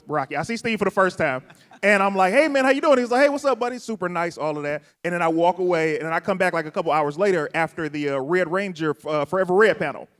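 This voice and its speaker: An upbeat man with a high voice moderates a convention panel on a hall stage. He talks with animated energy, joking as he tells a story into a handheld mic.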